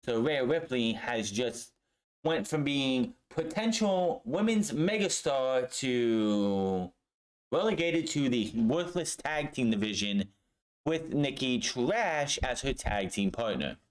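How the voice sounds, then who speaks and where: A man's voice: mid-range voice, animated, takes it slowly. Male reviewer, mid-range voice, casual home recap, blunt, sarcastic, swears freely. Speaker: wrestling show reviewer. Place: home room.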